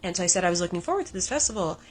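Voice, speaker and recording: A woman's voice: lowish voice, big pitch swings, very fast, slight background noise, poor audio. Chatty woman from Canada. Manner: chatty, detailed. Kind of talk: storytelling to camera.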